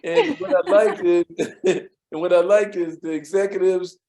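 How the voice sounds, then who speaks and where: A man's high-pitched voice moves at a measured pace as he answers an interviewer with casual anecdotes from his old workplace. He often chuckles, animatedly acts out the voices he quotes, and repeats words while thinking back.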